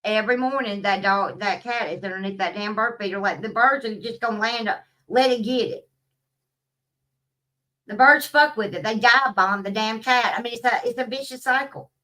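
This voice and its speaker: Woman vlogger, casual rant, bright and slightly high, swears freely, distant from the mic. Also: normal speed. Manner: profane, blunt, rambling.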